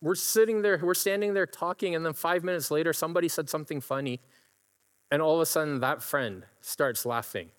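A man's voice: fairly high pitch, fairly quick. Middle-aged male pastor preaching in a hall. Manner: storytelling, laughs while imitating a friend's laugh. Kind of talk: sermon. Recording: long hall reverb.

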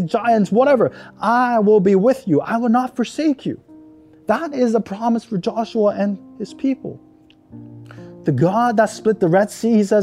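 A male pastor delivers a sermon in a high, mellow voice. He preaches with animation, acting out anxious questions and then answering them with steady promises.

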